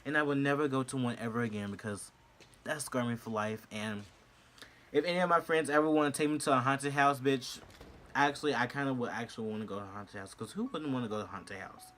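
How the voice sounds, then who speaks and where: A young man telling a storytime vlog in an animated, profane way, swinging from shrieks to low murmurs. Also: fast talker, a little hiss or hum. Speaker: vlogger.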